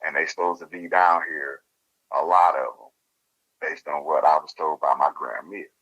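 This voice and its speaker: A man retelling a calm, matter-of-fact female boss. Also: extremely low pitch, normal speed, husky, pitched below the performer's own voice, heavily acted, low-quality recording.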